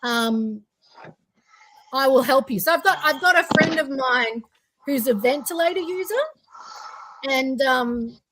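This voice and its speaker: A woman's voice: high voice, measured pace, background noise. A woman co-hosting a podcast, talking earnestly and reflectively in casual chat with frequent ums and restarts. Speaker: co-host.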